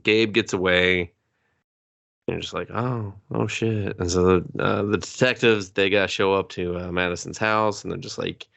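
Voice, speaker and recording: A man with a low, gravelly voice recaps a movie in casual, profane banter. His tone is bright and edgy, and he slips into exaggerated voices for the characters. The sound is close and dry. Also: steady tone, moderate pace, no room sound. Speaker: podcast co-host.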